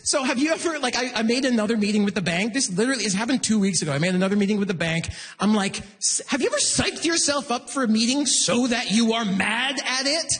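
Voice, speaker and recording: A man doing stand-up with a very high, lively voice that leaps up and down in pitch. He talks in animated bursts and sometimes shouts. The sound is a live recording from a big hall with a long echo. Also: a little fast, hardly any pauses, breathy edge. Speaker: stand-up comedian. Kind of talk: stand-up comedy set. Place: large concert hall stage.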